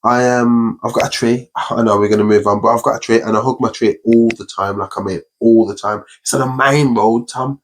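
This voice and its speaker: A man's voice: mid-range voice, fairly even intonation, brisk, hardly any pauses, slight background noise. A young man hosting a podcast, talking earnestly and upbeat in casual conversation, often running through long lists. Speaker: podcast host.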